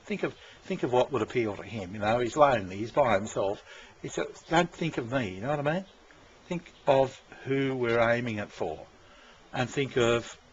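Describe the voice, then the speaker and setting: A man talking in a rambling, casual monologue, full of fillers and restarts and swearing freely as he gives directions. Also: medium pitch. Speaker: vlogger giving creative direction. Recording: dull lo-fi sound with faint room noise.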